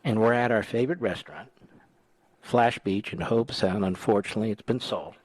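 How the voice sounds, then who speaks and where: A man's voice: lowish voice, brisk, no room sound. A man in his sixties hosting a talk radio show, chatting casually and telling stories with dry jokes. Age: 60s. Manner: wisecracking, lively storyteller. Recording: dry studio sound.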